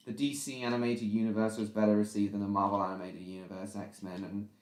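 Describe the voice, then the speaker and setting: A man's voice: lowish voice, level tone, fast, crowd noise. A man hosting a casual reaction live stream, rambling and repeating himself as he greets viewers in the chat. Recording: echoey room.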